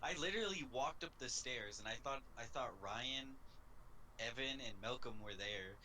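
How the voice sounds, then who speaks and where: A man co-hosting a podcast, telling a story casually in an animated way with swearing. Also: mid-range voice, moderate pace, a little hiss or hum, rough recording. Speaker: podcast co-host.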